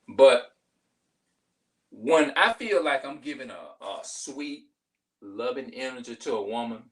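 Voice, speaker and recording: A man's voice: mid-range voice, lively intonation, slow, recorded from a distance, rough recording. A man in his forties talking passionately to camera in a casual vlog monologue, emphatic, often restarting his sentences. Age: 40s. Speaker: vlogger.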